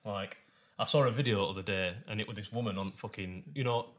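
Fast, blunt man. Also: on the low side, a bit bright. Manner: blunt, swears freely, broad dialect. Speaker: podcast co-host. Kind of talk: casual chat.

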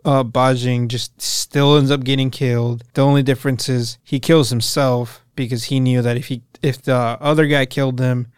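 A man's voice: medium pitch, clear, resonant tone, no room sound, studio quality. Profane young man recapping a show. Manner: profane, animated retelling with quoted voices. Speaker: podcast co-host. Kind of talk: casual chat recapping a show.

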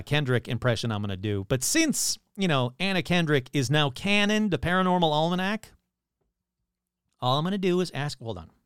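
A man's voice: medium pitch, fairly bright tone, smooth, dry recording, clean studio sound. A man hosting casual comedic commentary, rambling, exclaiming and cutting himself off. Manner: rambling, exclamatory, self-interrupting. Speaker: host.

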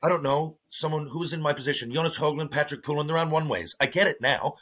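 Man, former hockey player, casual podcast guest, bright forceful voice, swears a lot. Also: fairly high pitch, fast, husky. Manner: profane, animated storytelling with acted-out quotes. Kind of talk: casual storytelling interview.

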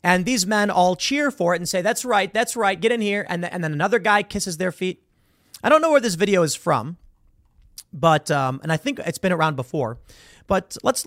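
A man hosting an opinion commentary show, talking in a sarcastic, mocking and animated way about a video. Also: high-pitched, no echo, studio quality.

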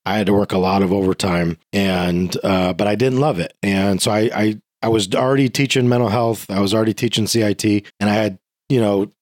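A man's voice: fairly low pitch, steady tone, brisk, a little mellow, dry recording. A man, a former police officer and podcast guest, answering candidly and with self-deprecating frankness.

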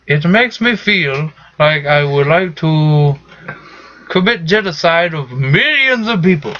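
A man's voice: fairly high pitch, expressive, slow pace, sharp tone, full character voice. A man voicing a gleefully villainous male dictator in a mock therapy session, with a put-on Indian accent. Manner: cheerfully unhinged, matter-of-fact about evil. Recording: slightly muffled podcast audio, faint noise.

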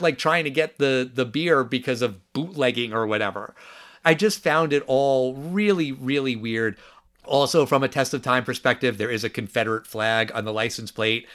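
A man co-hosting a casual movie review podcast, talking in an animated, incredulous way with quick asides. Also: mid-range voice. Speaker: podcast co-host.

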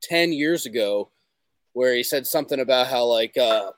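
A man's voice: mid-range voice, expressive, normal speed, no echo. A man chatting as a guest on a comedy podcast, rambling with many "like"s. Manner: rambling, heavy use of "like". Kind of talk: casual comedic chat.

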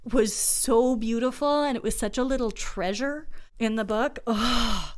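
A woman's voice: a little high, unhurried. A woman co-hosting a casual book discussion, talking in an enthusiastic, emotional, chatty way. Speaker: podcast co-host.

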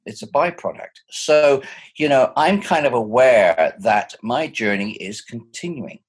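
A man in his sixties with a husky voice, speaking thoughtfully and animatedly from home over a video call. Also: medium pitch, measured pace. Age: 60s. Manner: thoughtful, animated, chuckling often. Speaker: interviewee. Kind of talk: reflective personal conversation.

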